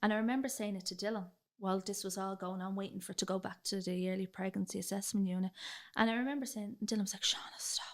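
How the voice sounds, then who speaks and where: Guesting on a podcast, a young Dublin woman from Ireland chats through her own story, retelling dialogue and peppering it with fillers like "like." She's a fast talker with a medium pitch, a steady tone, and a slightly mellow quality.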